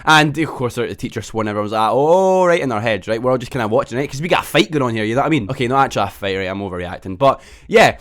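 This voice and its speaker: A man's voice: mid-range voice, lively intonation, fairly bright tone. A young man telling a storytime vlog, swearing a lot and tacking "right?" onto nearly every line. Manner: fast, sweary, constant tag "right?". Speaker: vlogger.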